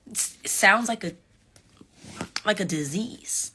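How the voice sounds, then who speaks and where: A young woman chatting casually with fans on a live stream, animated and sassy, talking straight to her viewers. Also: on the low side, moderate pace, long pauses, husky. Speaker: reality show contestant on a live stream. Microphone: phone.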